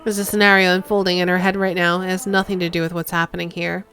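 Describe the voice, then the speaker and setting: Bright-voiced woman streamer reading game text. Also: lowish voice, fast talker, soft background music. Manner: lively reading, casual side remarks.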